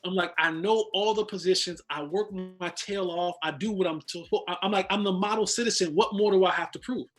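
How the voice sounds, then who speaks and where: High-pitched guy telling a football story, keeps restarting his sentences, faint music behind. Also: brisk, hardly any pauses. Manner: animated, restarts and repeats words. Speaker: guest, former football player. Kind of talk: storytelling in casual chat.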